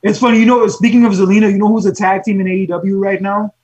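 A man co-hosting a podcast, chatting casually about wrestling in a quick, joking way. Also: high voice, flat delivery, a little mellow. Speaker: podcast co-host. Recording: dull, muffled lo-fi sound.

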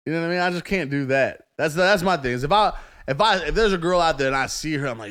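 A man in casual chat, telling stories with quick acted-out asides. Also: on the high side. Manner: fast, animated storytelling with acted-out asides.

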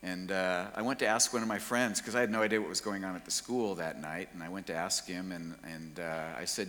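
A man telling his personal story in a casual, slangy, lively way. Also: low-pitched, brisk, hardly any pauses, long reverb tail. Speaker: speaker sharing his testimony.

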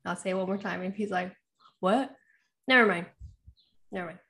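A woman's voice: mid-range voice, moderate pace, sharp tone. A young woman co-hosting a podcast, chatting casually with many fillers and frequent laughs. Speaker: podcast co-host. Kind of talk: casual chat.

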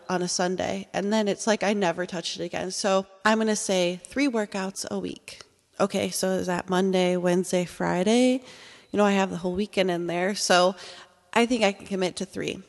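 Woman, 30s, solo podcast host at home; heartfelt, chatty, easily excited; some room reverb. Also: medium pitch. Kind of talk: casual solo podcast talk. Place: at home, indoors.

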